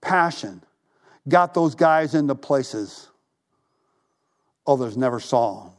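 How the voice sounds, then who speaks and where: A male pastor preaching a sermon, telling stories animatedly, acting out the voices he quotes and dropping to a hush for emphasis. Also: sits high. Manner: drops to a hushed voice for emphasis.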